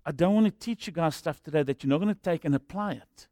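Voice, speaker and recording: A pastor preaching a sermon in an animated, rhetorical way, with humorous asides. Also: male voice, fairly high pitch, quick pace, dry recording, studio quality.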